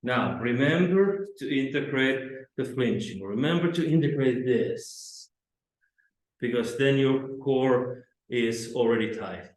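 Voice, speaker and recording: A man, teaching self-defense drills to camera in slow, halting instruction. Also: mid-range voice, expressive. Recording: very echoey training room.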